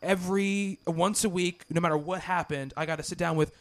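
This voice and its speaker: A man's voice: sits high, steady tone, brisk. A man hosting a podcast in casual chat, rambling with many restarts and fillers. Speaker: podcast host.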